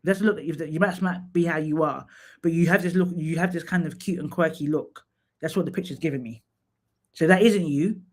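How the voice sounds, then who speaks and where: A man hosts a casual live stream, talking straight to his viewers and giving frank feedback. His voice sits a touch higher than most men's. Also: fairly quick, a little mellow. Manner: chatty, candid, talks to viewers by name; drops into sung snatches and playful asides. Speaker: live stream host reviewing profiles.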